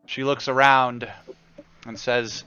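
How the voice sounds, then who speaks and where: A man narrating as game master in a casual, halting way. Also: mid-range voice, little pitch movement, bright, forceful tone, smooth, dull audio, faint music behind.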